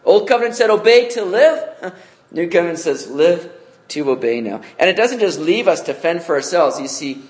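A man preaching a sermon in an animated way, calling his listeners "guys" and swinging between loud emphasis and soft asides. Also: fairly high pitch. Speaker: pastor.

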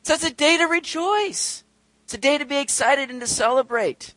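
A man preaching a sermon to his congregation, animated and acting out the voices of the people he describes. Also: very high voice, normal speed, dry recording. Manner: animated, acts out quoted voices, addresses congregation directly. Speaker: pastor.

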